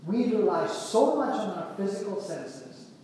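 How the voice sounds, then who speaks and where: A man with a high voice preaches a sermon in a roomy hall, and his words ring out with a long tail of reverb. He talks to the congregation in a conversational way and keeps checking in with "right?", sinking to a hush on his quiet asides. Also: sing-song, unhurried, a little hiss or hum. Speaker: pastor. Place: church hall. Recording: echoey hall, voice from a distance.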